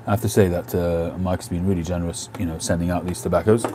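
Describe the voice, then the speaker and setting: A man's voice: sits low, steady tone, quick pace, noisy background. A man hosting a casual live stream from home on a phone, chatting and answering viewers' comments.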